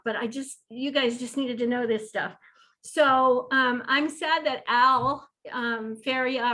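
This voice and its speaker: A woman's voice: fairly high pitch, a bit bright, rough recording. A woman who leads a disability ministry, telling an enthusiastic, rambling story on a video call. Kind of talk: video call roundtable sharing.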